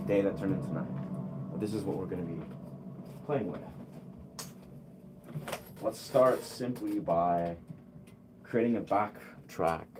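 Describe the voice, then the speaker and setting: Deep-voiced man chatting while making music. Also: background noise. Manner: relaxed, talks to himself while troubleshooting. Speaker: music producer streaming. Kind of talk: casual live-stream chat.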